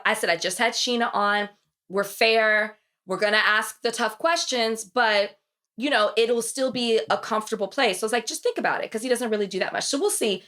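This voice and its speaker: A woman's voice: a little high, bright, forceful tone. A woman with a Southern US accent hosting a podcast in casual chat, restarting sentences and laughing often. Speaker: podcast host.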